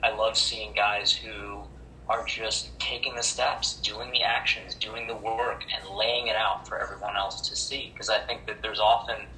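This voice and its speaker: A man's voice: on the low side, little pitch movement, unhurried, reverberant, slight background noise, poor audio. A man sharing at a support meeting over a video call, rambling and stumbling, praising the others' shares. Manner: rambling, warm toward others, stumbles and restarts. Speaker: recovery meeting member sharing.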